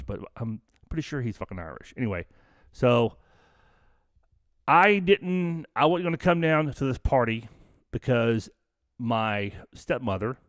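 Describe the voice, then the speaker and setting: A man's voice: lowish voice, dry recording, studio quality. A middle-aged man from the Southern United States hosting a live stream, telling a long rambling story full of swearing, fillers and restarts. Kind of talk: casual storytelling.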